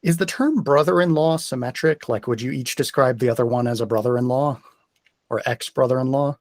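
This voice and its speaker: A man's voice: mid-range voice, fairly quick, darkish tone, no echo. A man running a tabletop game as game master, explaining the rules in a careful, methodical and hesitant way.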